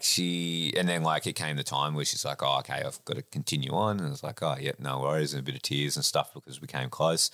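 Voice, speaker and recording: Very deep-voiced, laid-back Australian man. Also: a bit bright, no room sound, studio quality. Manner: laid-back, rambling, swears and laughs often. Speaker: podcast guest, racing driver. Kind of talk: casual storytelling chat.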